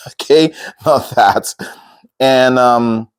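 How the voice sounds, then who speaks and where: A male vocal coach talks through pronunciation at an unhurried pace. His voice sits slightly low, and he models each word again and again for his students. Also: animated, a little mellow. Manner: slow, demonstrative, repeats words to model sounds. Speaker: singing teacher.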